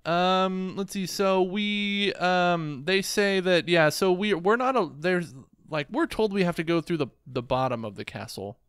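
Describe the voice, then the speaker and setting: A man co-hosting a casual podcast, leading the game recap in a halting, easygoing way with many restarts. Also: sits high, fairly bright tone, smooth, no echo, clean studio sound. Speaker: podcast co-host running the quest log recap.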